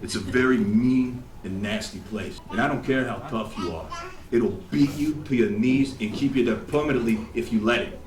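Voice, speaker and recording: A man quoting a tough aging boxer's gruff pep talk in an echoey hall. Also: medium pitch, normal speed, lightly acted. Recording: echoey hall, faint ambience.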